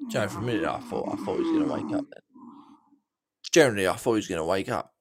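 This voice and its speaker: A man's voice: lowish voice, sing-song, racing, breathy edge. Drunk brash man ranting. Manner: brash, swearing, slangy, repetitive. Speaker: livestreamer. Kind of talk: drunken live-stream rant to chat. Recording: noisy background.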